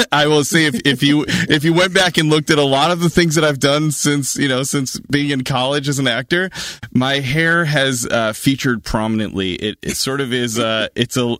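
A man being interviewed as an actor guest, talking in an animated way with frequent restarts and easy laughter. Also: mid-range voice, no echo, clean studio sound. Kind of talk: casual interview answers.

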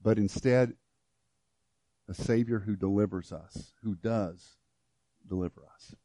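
A man preaching a sermon and telling a story, often restarting his words and swinging between loud and hushed delivery. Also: fairly low pitch, measured pace, dry recording. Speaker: pastor.

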